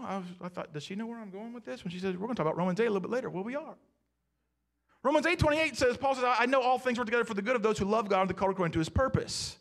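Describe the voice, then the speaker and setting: A man's voice: high-pitched, fairly bright tone. A man preaching a sermon as pastor, talking conversationally and asking the congregation questions.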